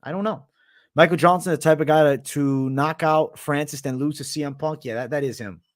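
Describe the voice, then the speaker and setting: With a brisk delivery and a voice on the high side, this American man hosts a livestream and chats casually through viewer questions. He's laid-back, swears, and says "bro" frequently.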